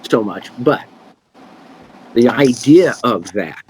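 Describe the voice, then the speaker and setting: A middle-aged man, a magician, answering questions in a relaxed, rambling way with many fillers and restarts. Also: medium pitch, slow pace, a little hiss or hum, poor audio. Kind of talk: casual conversational Q&A.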